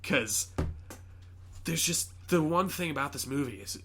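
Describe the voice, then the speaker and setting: A man's voice: on the high side, animated, unhurried, bright, forceful tone, a little hiss or hum. A man hosting a podcast, casually retelling a movie plot in a rambling way, full of fillers and swearing. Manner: rambling, many fillers and swearing, quotes characters. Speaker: podcast host.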